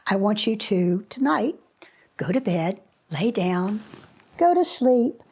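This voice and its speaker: A woman voicing a patient fairy who gives slow, sing-song instructions. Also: mid-range voice, expressive, a little mellow, breathy edge, full character voice. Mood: soothing.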